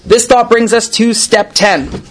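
A man's voice: very high-pitched, measured pace, a little hiss or hum. A man reading aloud and commenting to a recovery group, in an earnest, conversational way, often ending thoughts with "right?". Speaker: recovery meeting speaker.

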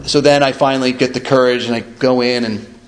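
A man's voice: mid-range voice, fairly even intonation, fairly quick, a little hiss or hum, poor audio. Man telling a recovery story, rambling. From upstate New York. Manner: rambling, many restarts and "right?". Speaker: recovery speaker. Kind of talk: personal story share.

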